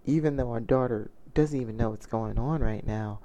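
A man's voice: mid-range voice, moderate pace, mellow. A man telling a personal story in a confessional vlog, earnest and reflective, often restarting his sentences. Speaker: vlogger.

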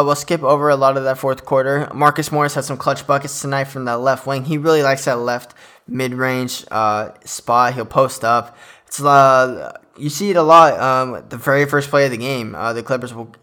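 A man's voice: mid-range voice, bright, forceful tone. A young man hosting a casual solo sports podcast, chatting loosely with lots of fillers and an enthusiastic fan's energy. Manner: chatty, filler-heavy, enthusiastic fan talk. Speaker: podcast host.

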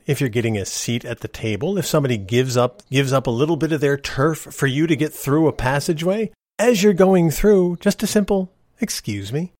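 A middle-aged man talks through his podcast in a folksy, opinionated monologue that drifts into a friendly rant. His voice sits in an ordinary middle pitch. The recording is dry and close, with no room sound. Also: darkish tone, dry recording. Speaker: podcast host. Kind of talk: personal storytelling monologue.

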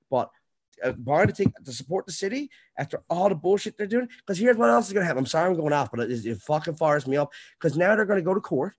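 A man hosting a podcast, ranting in a heated, profane way during a casual chat. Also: mid-range voice. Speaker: podcast host.

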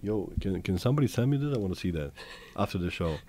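A man's voice: sits low, animated, quick pace, warm tone. A man hosting a podcast, asking eager questions in casual chat, joking and often restarting his sentences. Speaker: podcast host.

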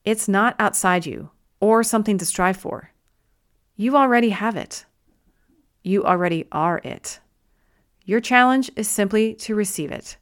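Gentle woman reading an inspirational book. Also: medium pitch, smooth. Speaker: narrator. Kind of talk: audiobook narration.

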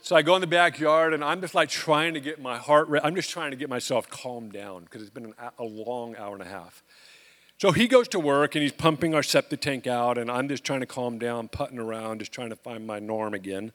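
A man preaching as a pastor, telling a personal story and acting out the dialogue with lively energy. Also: medium pitch, fairly quick, in a large hall. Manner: animated storyteller, acts out dialogue. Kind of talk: storytelling sermon.

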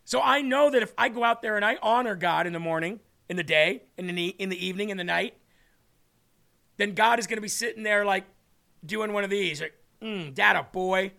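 A man's voice: high-pitched, brisk, gravelly, sharp tone. A man hosting a faith talk show, preaching earnestly and emphatically and repeating phrases for effect.

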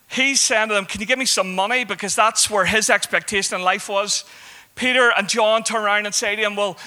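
A man's voice: high voice, bright, forceful tone. A man preaching a sermon in a conversational way, rising into emphatic calls to his listeners.

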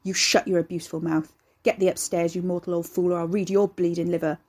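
A woman's voice: on the low side, normal speed, warm tone, breathy edge. A woman voicing a volatile young man who snarls and curses. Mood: furious.

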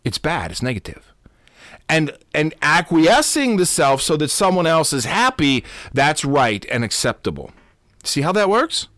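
A man's voice: on the high side, sing-song, unhurried, a bit bright, no room sound, studio quality. A man who is a Lutheran pastor hosting a podcast, giving an unscripted teaching talk that often repeats and corrects itself and checks in with "okay?". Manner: repetitive, self-correcting, asks "okay?" often.

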